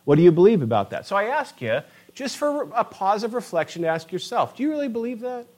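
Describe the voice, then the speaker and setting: A man preaching a sermon, animated and emphatic, asking his listeners rhetorical questions. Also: high-pitched, quick pace. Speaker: pastor.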